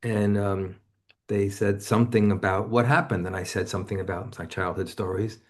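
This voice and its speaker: A man's voice: fairly even intonation, moderate pace. Man in his seventies telling his story. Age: 70s. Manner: personal storytelling, acts out remembered voices with sudden jumps in pitch. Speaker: interview guest. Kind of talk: casual reflective conversation.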